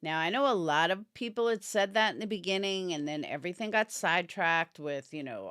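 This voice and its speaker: Yawning and tired, a woman offers opinionated, casual commentary on a true crime case during a live stream, addressing viewers by name. Her fairly low voice is animated, a little fast, and bright, with hardly any pauses, recorded dry and clean in studio quality.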